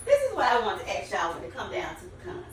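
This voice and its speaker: At a medium pitch that swoops all over, she talks quickly, with a faint hiss or hum on the recording. This older home cook from the Southern US chats casually with her viewers in a cooking vlog, her roomy kitchen adding echo.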